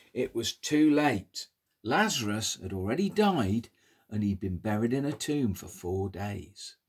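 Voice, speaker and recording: Lively husky man telling a toddler story. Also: lowish voice. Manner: animated, sing-song, coaxing children to pull faces. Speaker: children's storyteller.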